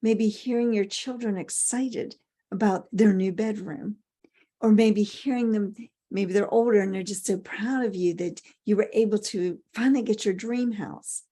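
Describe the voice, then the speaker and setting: A woman's voice: mid-range voice, moderate pace, dark tone. A middle-aged woman giving a motivational talk, emphatic, repeating key phrases and asking rhetorical questions. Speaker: motivational speaker.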